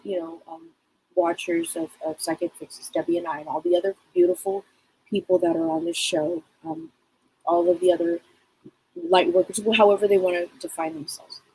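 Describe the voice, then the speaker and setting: A middle-aged woman hosts a live psychic reading broadcast, rambling casually and using lots of fillers. Her voice is medium-pitched, a little mellow and husky, and the recording quality is low.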